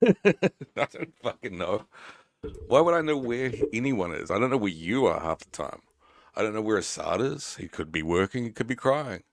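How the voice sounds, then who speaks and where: A man streaming live, rambling and teasing his chat with plenty of swearing. His voice sits very low, and the sound is dry and close. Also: big pitch swings, normal speed, dry recording.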